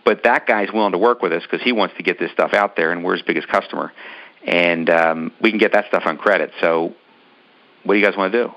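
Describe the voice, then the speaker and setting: A man's voice: sits low, fairly quick, a bit bright, lo-fi sound. A man casually telling a long personal story in an interview, rambling with many ums and restarts. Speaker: business owner telling his story.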